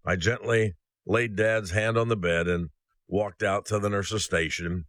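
A man delivers a sermon in an earnest, slow and solemn voice. His voice sits low, and the sound is dry and close. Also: steady tone, a bit bright, no echo. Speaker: ministry host. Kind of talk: sermon with a read-aloud story.

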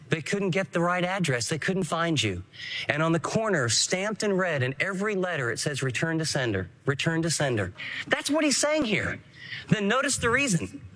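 A male preacher delivering a sermon in a high, lively voice that swoops up and down. He presses his points with emphasis and keeps asking the congregation questions. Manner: animated, emphatic, asks the audience questions. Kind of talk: radio sermon.

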